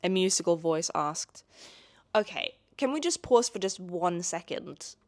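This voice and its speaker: A woman's voice: fairly low pitch, expressive, unhurried. A young woman reading a novel aloud on her own show. She keeps stopping to add chatty, sarcastic commentary, with casual swearing thrown in.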